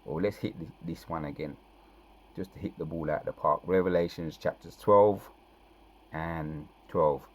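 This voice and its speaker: A man preaching from scripture, reading verses slowly and breaking in with "right?" and "man" to drive points home. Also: sits low, slight background noise. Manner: reads verses slowly then comments with frequent "right?" and "man". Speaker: scripture teacher.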